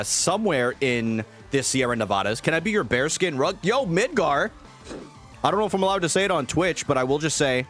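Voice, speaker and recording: A man's voice: medium pitch, fairly bright tone. A young man chatting casually on a live stream, greeting viewers and rambling with fillers.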